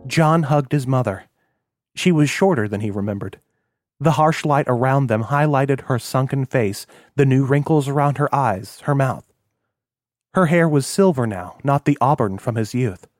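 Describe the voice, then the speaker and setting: Male narrator, measured, mid pitch, dry close read. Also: dry recording. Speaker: audiobook narrator. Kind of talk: scripted narration.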